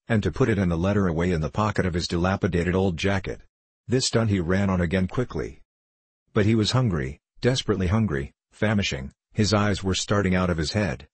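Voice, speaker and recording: A man narrating a storybook audiobook in a steady, measured reading. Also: sits low, husky, no echo.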